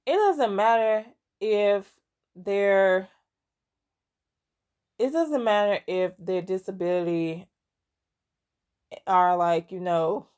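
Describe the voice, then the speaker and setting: Slow, rambling young woman recapping a story. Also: mid-range voice, clear, resonant tone. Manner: rambling, many fillers and restarts; laughs often, amused and expressive. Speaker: gaming content creator.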